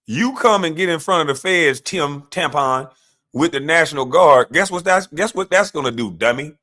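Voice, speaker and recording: Guy ranting on his stream, pretty high voice that jumps all over, mocking and arguing with a clip. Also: animated, moderate pace, sharp tone. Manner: combative, mocking, talks back to clips. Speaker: livestream commentator. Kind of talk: heated political commentary livestream.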